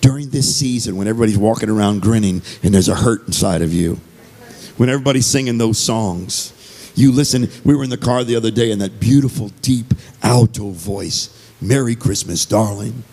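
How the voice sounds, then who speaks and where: A man preaching a sermon in an earnest, conversational way, often circling back over his own phrases. His voice sits low and is mellow in tone. There is a husky edge to it. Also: a little fast. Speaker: visiting speaker and singer.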